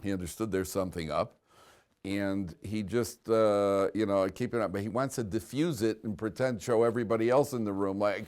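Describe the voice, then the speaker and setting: Low-voiced rabbi telling stories in class. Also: male voice, moderate pace, darkish tone. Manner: chatty storyteller, chuckles at his own punchlines. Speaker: rabbi teaching a Torah class. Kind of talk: informal Torah lecture with stories.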